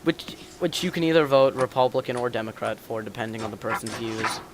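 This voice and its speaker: A man's voice: medium pitch, brisk. A teenage boy hosting a casual online podcast, rambling and joking with friends, often laughing. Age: teens. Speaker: podcast host. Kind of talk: casual chat. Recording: faint hiss, keyboard clicks.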